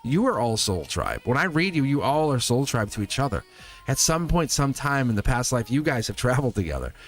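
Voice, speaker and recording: A man's voice: mid-range voice, big pitch swings, a little fast, soft background music. A man hosting a live tarot reading stream, chatting casually with viewers, laughing often and repeating himself as he talks. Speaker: tarot reader, livestream host.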